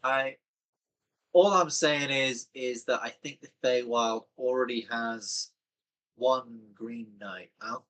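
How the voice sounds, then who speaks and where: A man's voice: medium pitch, slow, a bit bright, low-quality recording. A man playing a tabletop game, chatting casually and joking with frequent laughter. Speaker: player.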